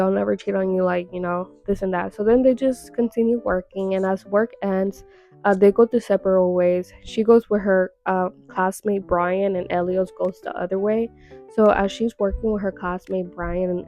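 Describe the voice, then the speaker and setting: A woman's voice: mid-range voice, mellow. A young woman casually recapping a webtoon, chatty and full of fillers with dramatic little reactions.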